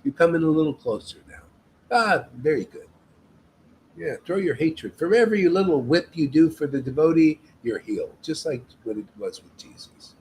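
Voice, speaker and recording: A man's voice: a little high, lively intonation, moderate pace, a little mellow, a little hiss or hum, rough recording. A man leading a devotional meetup, preaching in an emphatic, casual way and often tagging his sentences with "man". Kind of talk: informal devotional sermon.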